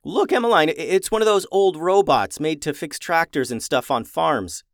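A man voicing a cautious, curious young boy who asks quick questions. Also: on the high side, expressive, no echo, studio quality, pitched above the performer's own voice.

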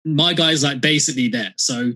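A man's voice: mid-range voice, moderate pace, pushed and bright. A British man talking as a podcast guest, rambling and chatty, swearing freely in casual conversation. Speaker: podcast guest, music reviewer.

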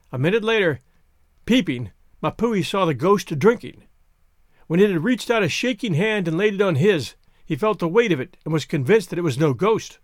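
A male podcast host reads a classic story aloud in an expressive storytelling manner. His voice sits high and moves lively through its range. The recording is dry and close. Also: no room sound. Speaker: podcast narrator. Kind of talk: scripted narration.

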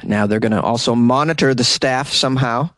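A man's voice: medium pitch, fairly quick, a bit bright. A male host reads odd news stories in a casual, joking way, breaking off for wry asides and chuckling at his own jokes. He trips over unfamiliar names and keeps going. The sound is close and dry, with almost no room echo. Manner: stumbles over foreign names. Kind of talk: casual comedic news commentary.

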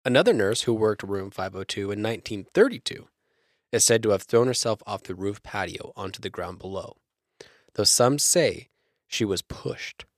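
A man's voice: fairly low pitch, animated, normal speed, no room sound, studio quality. A young man co-hosting a podcast, reading his research notes steadily between jokes. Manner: reads notes steadily, breaks into joking voices. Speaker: podcast co-host. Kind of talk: reading research with comedic banter.

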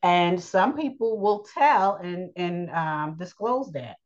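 A woman giving a blunt, preachy spoken lesson on relationships, pausing often with fillers. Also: fairly low pitch, lively intonation, lo-fi sound. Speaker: teacher of a daily lesson.

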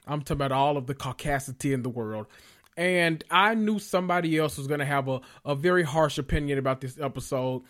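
A man hosting a casual reality TV recap podcast, talking in an animated and profane way. He repeats lines for emphasis, and his voice sits fairly high for a man. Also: a little fast. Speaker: podcast host.

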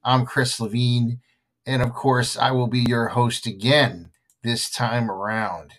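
Brief: male podcast host, slow and rambling, self-mocking jokes. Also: medium pitch, fairly even intonation, a bit bright. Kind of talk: comedic podcast monologue.

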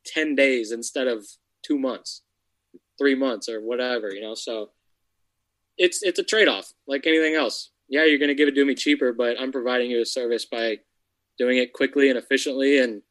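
A man's voice: medium pitch, a bit bright, rough recording. A man who buys houses, talking bluntly and casually with plenty of swearing. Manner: blunt, profane, conversational. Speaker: real estate investor. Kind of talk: casual podcast chat.

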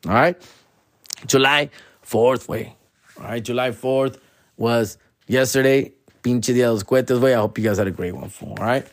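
A man's voice: mid-range voice, moderate pace, no echo, studio quality. A man, a comedian host riffing in a profane, slangy monologue and ending lines with "fool" and "dog". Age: 40s.

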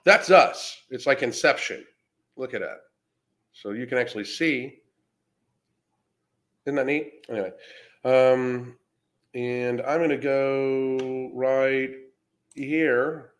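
A man's voice: medium pitch, fairly even intonation, slow pace, pauses often, a bit bright. A man hosting a podcast livestream, reading comments aloud and mocking trolls in a brash, profane, casual way. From Florida. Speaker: podcast host reacting to comments.

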